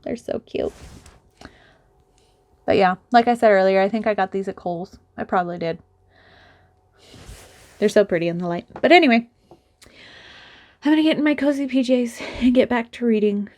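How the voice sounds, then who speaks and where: A woman's voice: medium pitch, moderate pace, long pauses, a little mellow, no room sound. A woman chatting casually in a reading vlog, rambling and gushing as she retells a book's plot. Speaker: book vlogger.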